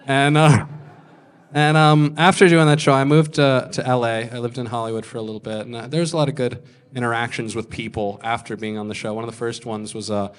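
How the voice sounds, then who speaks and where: A man's voice: mid-range voice, steady tone, fairly quick, smooth. A man in his thirties doing stand-up, telling rambling self-mocking stories and swearing freely. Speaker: stand-up comedian. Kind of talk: stand-up storytelling.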